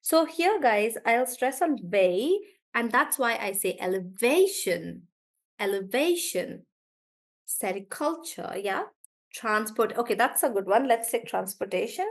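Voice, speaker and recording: A woman teaching an online English class, sounding out words slowly to show syllable stress and correcting herself as she goes. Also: a little high. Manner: animated, drawn-out demonstration of syllable stress, self-correcting.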